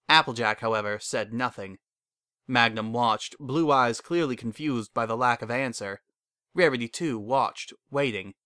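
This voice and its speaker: A man narrates a fan fiction story with expressive, dramatic storytelling. His pitch sits mid-range for a man, and the recording is dry and close. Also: dry recording.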